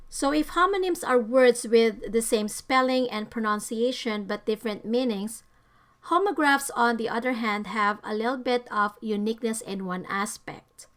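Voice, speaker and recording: A woman narrating a scripted English vocabulary lesson, giving careful, deliberate stress to each example word. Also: fairly high pitch, a bit bright. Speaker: English teacher.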